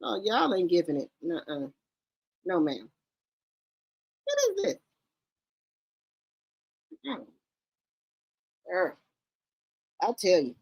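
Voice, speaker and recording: A woman hosting casual celebrity gossip commentary, talking straight to her viewers with loud, incredulous exclamations and blunt swearing. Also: lowish voice, wildly swooping pitch, takes it slowly, gravelly, long pauses, slightly rough, no echo. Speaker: gossip channel host.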